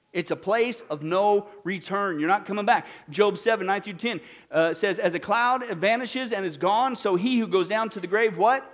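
High-voiced emphatic male preacher. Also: a bit bright. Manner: emphatic, asks the audience questions. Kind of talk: sermon-style Bible teaching.

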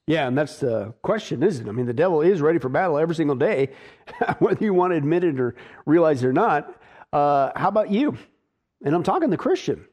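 A man's voice: a little high, expressive, brisk, a little mellow, dull audio. A male pastor preaching an emphatic, folksy sermon, full of restarts and playful asides.

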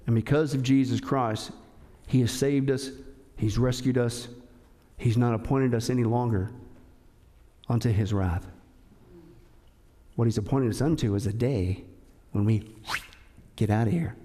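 A man preaching a sermon, emphatic, firing rhetorical questions at the congregation and swinging between loud, sharp lines and hushed, low ones. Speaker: pastor.

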